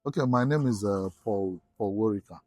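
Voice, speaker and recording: A Nigerian man with a fairly low voice answers loosely, leaning on "you know" throughout. The sound is dry and close. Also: normal speed, a little mellow, dry recording, faint music behind. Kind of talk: interview answer.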